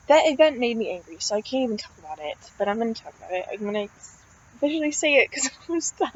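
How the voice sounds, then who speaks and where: A young woman with a fairly high voice rants about her day in a loose, rambling way. She peppers her talk with swearing and "like". The recording sounds a little dull and lo-fi. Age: young adult. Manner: rambling, swears often, heavy use of "like" and fillers. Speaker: college student vlogger. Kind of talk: casual venting monologue.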